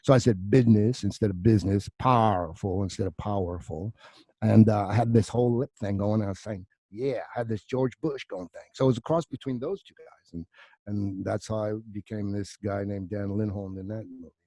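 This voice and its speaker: A middle-aged man with a low, mellow voice, recorded close and dry. He tells stories casually and swears freely, jumping into quick impressions of the people he quotes. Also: no room sound. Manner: profane, animated anecdotes with acted quotes. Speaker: actor guest. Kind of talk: casual podcast storytelling.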